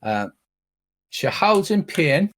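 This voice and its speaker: A man's voice: on the high side, big pitch swings, slow, a bit bright. A middle-aged man narrating as game master, rambling with frequent restarts and casual swearing.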